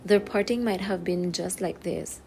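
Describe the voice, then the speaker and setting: A woman reading a children's novel aloud with gentle, expressive narration. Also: mid-range voice, normal speed, vocal fry, a little hiss or hum. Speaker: storyteller. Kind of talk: children's book read-aloud.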